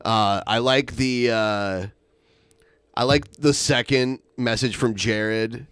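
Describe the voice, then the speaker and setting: A man co-hosting a podcast, reading out messages and adding quick explanatory asides. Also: medium pitch, steady tone, a bit bright, clean tone, dry recording. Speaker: podcast co-host. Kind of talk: casual chat.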